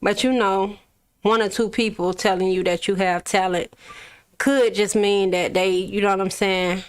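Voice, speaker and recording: A young adult woman from Florida, a recording artist, tells her story in a relaxed, casual interview. Her medium-pitched voice is clean and moderately paced, and she laughs often and swears freely.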